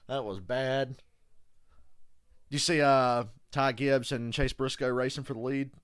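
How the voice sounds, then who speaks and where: Profane, excitable man chatting about racing. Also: medium pitch, takes it slowly, pauses often, clear, resonant tone. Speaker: vlogger. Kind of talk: casual chat while watching a race. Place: home living room.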